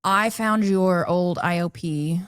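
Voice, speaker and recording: A woman co-hosting a podcast with her husband, talking in an animated way that turns exasperated and breaks into laughs. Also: lowish voice, takes it slowly, clean tone, dry recording, studio quality. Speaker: podcast co-host, spouse of a man in recovery. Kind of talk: conversational podcast talk.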